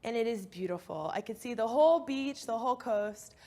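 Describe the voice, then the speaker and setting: A woman coach telling a personal story in an expressive talk, acting out her inner voices. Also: a little high, a little fast. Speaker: speaker, coach.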